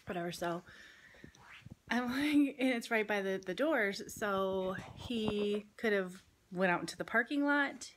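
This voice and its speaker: A woman's voice: mid-range voice, lively intonation, unhurried. Woman vlogger, chatty family-channel mom, rambling storytelling with ums, faint hiss behind. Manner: chatty storytelling with many fillers. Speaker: vlogger, mother. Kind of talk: casual family vlog chat. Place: home, partly outdoors in a yard.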